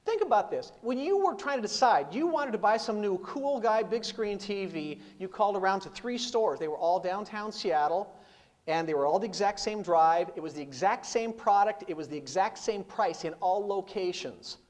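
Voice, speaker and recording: A middle-aged man with a high, animated voice gives a live seminar talk as a business speaker. At normal speed, he speaks emphatically, asking rhetorical questions and repeating punchlines.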